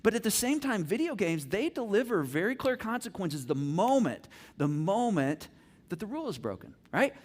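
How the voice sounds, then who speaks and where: A middle-aged man preaching a sermon as pastor, telling family stories and acting out the scenes with animated energy. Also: high voice, normal speed.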